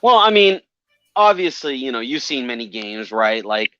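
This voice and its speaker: A man's voice: mid-range voice, very animated, moderate pace, music in the background. A man co-hosting a casual call-in show, talking in a chatty, rambling way with lots of fillers and restarts. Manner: chatty, repeats himself, many fillers. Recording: dull lo-fi sound.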